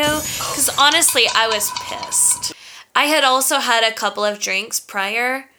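A young woman co-hosting a podcast, telling a story in a sassy, profane, animated way. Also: a little high, measured pace. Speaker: podcast co-host. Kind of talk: casual storytelling chat.

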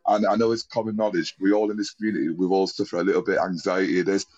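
Guy rambling thru a story on a call-in show, keeps laughing, swears a bit, kinda low voice. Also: flat delivery, racing, a little mellow, dull audio. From England. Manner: rambling, chatty, laughs often; swears casually. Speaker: guest calling in. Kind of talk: casual storytelling chat.

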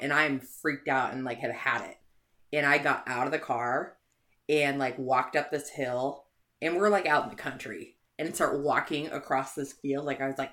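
A young woman telling a story in casual chat, animated, swearing and laughing often. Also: deep voice.

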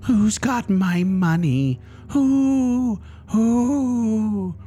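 A man voicing the wailing, blind ghost of a dead woman, crying out with high moaning calls. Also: expressive, drawn-out words, dark tone, slightly rough, faint music behind, exaggerated voice.

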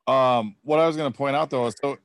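A man in a measured, casual tone shares baseball notes on a podcast. His pitch sits in the middle range. The sound is dry and close. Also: no room sound. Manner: measured, fills pauses with um and uh. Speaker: podcast co-host. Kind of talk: casual sports chat.

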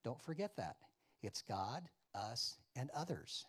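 A man preaching a sermon, acting out dialogue and questioning his congregation, loud one moment and quiet the next. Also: medium pitch, takes it slowly, husky. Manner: animated, acts out biblical dialogue with wide swings in loudness; addresses the congregation with questions and asides. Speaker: pastor.

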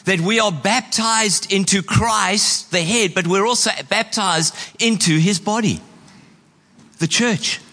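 Male pastor, high bright voice, sermon in a reverberant church hall, emphatic slow stresses.

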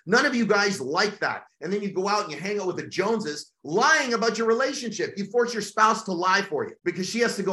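A man's voice: high-pitched, animated, fast talker, few pauses, sharp tone, echoey room. A man hosting a podcast, giving a blunt, profane, hectoring motivational monologue. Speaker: podcast host.

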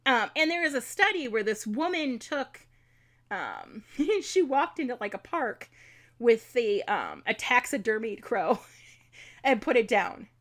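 A woman's voice: fairly high pitch, animated, a little slow, a bit bright. A woman co-hosting a podcast in casual chat, reading folklore notes with many ums and laughing at her own mispronunciations. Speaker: podcast co-host.

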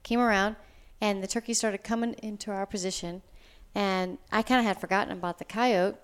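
A woman telling her own story in casual chat, animated and excitable, acting out what she said. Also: medium pitch, fairly quick, smooth. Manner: animated, excitable, quotes herself.

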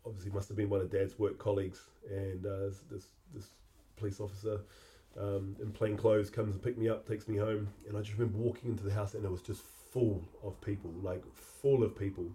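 A middle-aged man, hosting a podcast and telling a personal memory in a halting, reflective way that often repeats words. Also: lowish voice, level tone, mellow. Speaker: podcast host.

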